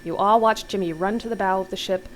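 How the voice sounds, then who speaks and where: A woman's voice: medium pitch, fast, a little hiss or hum, poor audio. A young adult woman reading an interactive horror novel aloud as a let's-play host, with casual, wry asides.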